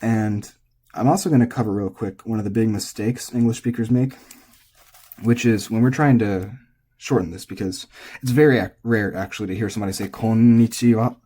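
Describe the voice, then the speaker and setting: An American man with a husky, warm voice talks a little fast as he gives a casual lesson on Japanese pitch accent. He thinks aloud, restarting hesitantly.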